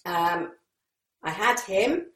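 A woman's voice: medium pitch, lively intonation, very slow, fairly bright tone, echoey room. A woman from southern England, an actress guest telling rambling stories in an interview, with many ums and asides. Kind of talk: anecdotal interview chat.

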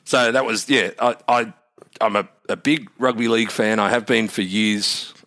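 A man's voice: on the low side, fairly even intonation, normal speed, sharp tone. A man with an Australian accent in his thirties, chatting casually as a guest, laid-back and swearing freely. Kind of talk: casual interview chat.

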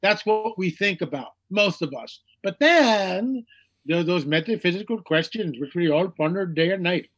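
Emphatic high-voiced man. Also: lively intonation, moderate pace, fairly bright tone. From United States. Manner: emphatic, repeats phrases for effect; acts out mocking quoted voices. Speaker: guest speaker on UFOs. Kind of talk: animated interview talk.

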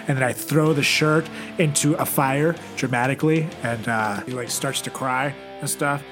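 A young man hosting a casual comedy chat, telling crude absurd jokes in a deadpan way and laughing at his own bits. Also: medium pitch, normal speed, few pauses. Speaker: podcast host. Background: music.

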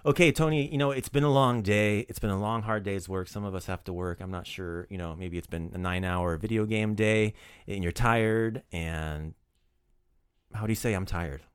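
Man, language teacher, deep voice, playful, upbeat, dry close sound. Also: normal speed, smooth, no room sound. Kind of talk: casual podcast language lesson.

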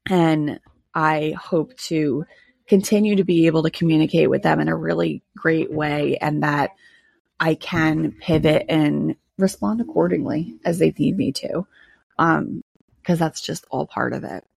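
A woman hosts her own podcast in a relaxed solo monologue, candid and chatty, laughing often between thoughts. Her voice sits low with a gravelly, husky edge. The recording is dry, with no room sound. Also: measured pace, no echo. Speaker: podcast host.

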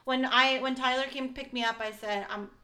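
A woman's voice: high-pitched, fairly even intonation, sharp tone. A woman co-hosting a podcast in casual chat from a basement, playful and jokey. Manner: playful and chatty, quick to joke. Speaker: podcast co-host.

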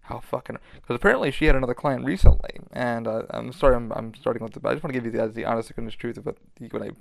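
A man's voice: mid-range voice, very fast, gravelly, no echo. A man hosting a podcast in loose, rambling casual chat, swearing freely and filling gaps with ums and restarts. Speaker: podcast host.

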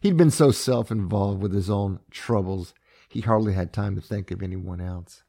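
Gravelly low-voiced male narrator. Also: normal speed, dark tone. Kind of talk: audiobook-style story narration.

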